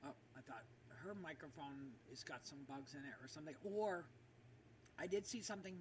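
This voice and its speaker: Brisk and deep-voiced, with lively intonation, a woman streamer rambles on casually mid-game, leaning heavily on fillers. An echoey room and a distant mic add reverb and background noise.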